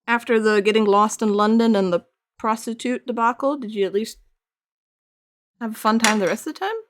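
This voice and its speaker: A woman's voice: a little high, a little fast, a little hiss or hum. A woman streaming her art, chatting casually while she sculpts, rambling, laughing often and answering her chat. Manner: reads chat aloud and answers it.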